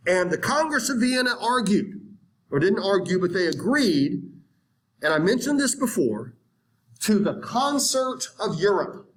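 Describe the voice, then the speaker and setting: A man giving a history lecture in an animated, conversational way, acting out historical viewpoints. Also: high voice, a little slow. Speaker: history teacher. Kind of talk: classroom lecture.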